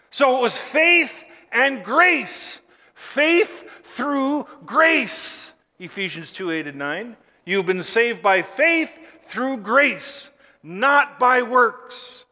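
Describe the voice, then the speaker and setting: High bright-voiced man preaching hard, big echoey hall. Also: lively intonation, takes it slowly. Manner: emphatic, rises to shouted lists. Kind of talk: sermon. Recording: long hall reverb.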